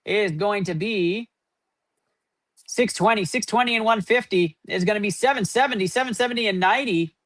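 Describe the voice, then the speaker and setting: A man's voice: sits high, moderate pace, fairly bright tone, no room sound. A man hosting a live card-opening stream, rattling off running point totals and hyping up each pull. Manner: running tally of numbers, upbeat hype. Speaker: host.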